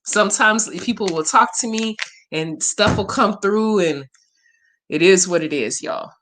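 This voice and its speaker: A woman's voice: mid-range voice, unhurried, noisy background. Woman, spiritual reader hosting a livestream; candid, emotional, salty chat. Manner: candid, profane, emotional and chatty. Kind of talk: casual livestream Q&A.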